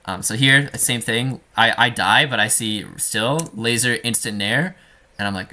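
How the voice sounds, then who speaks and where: A man coaching a student over gameplay in a relaxed, talky way, full of fillers and restarts. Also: mid-range voice, unhurried.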